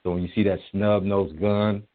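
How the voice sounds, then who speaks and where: A man's voice: fairly low pitch, moderate pace. Man telling stories over a tinny phone line. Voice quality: profane, animated, acts out quotes. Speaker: guest, music promoter. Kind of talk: casual storytelling interview.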